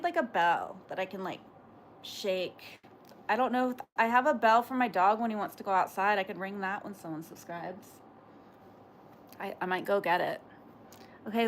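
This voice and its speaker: A woman's voice: mid-range voice, fairly bright tone, slight background noise. Rambling woman streamer chatting with viewers. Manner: rambling, filler-heavy, talks back to chat. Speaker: livestreamer reading chat. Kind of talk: casual livestream chat.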